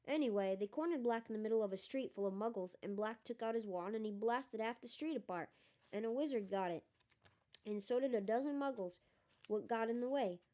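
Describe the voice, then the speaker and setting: A woman's voice: a little high, fairly quick, lightly acted. A woman doing a gossipy young bus conductor. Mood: excited. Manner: excitable, gossipy, dropped aitches. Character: chatty young Cockney bus conductor man.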